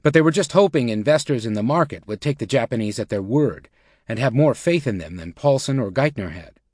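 A man narrating a nonfiction audiobook in an even, measured reading style. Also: medium pitch, no echo, clean studio sound. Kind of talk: scripted narration.

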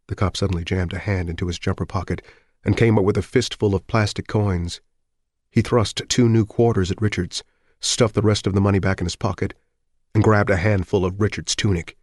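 A man narrating an audiobook in a steady, measured, scripted read. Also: sits low, no echo, clean studio sound.

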